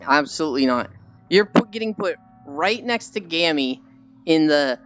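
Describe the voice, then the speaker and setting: Young streamer rambling animated stories to chat, swears a lot, soft music behind, kinda dull audio. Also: medium pitch, moderate pace. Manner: animated storytelling, swears freely. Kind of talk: casual chat with stream viewers.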